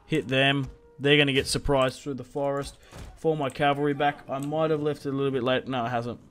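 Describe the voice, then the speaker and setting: A young man who makes gaming videos offers casual commentary while he plays, chatting and muttering orders to his troops. His mid-range voice is level, brisk and fairly bright.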